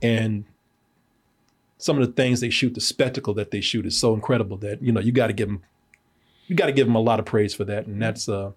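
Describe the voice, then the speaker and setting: A man's voice: fairly low pitch, fairly even intonation, brisk, breathy edge. A man hosting a casual podcast movie review, loose and joking, often breaking into laughter. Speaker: film reviewer.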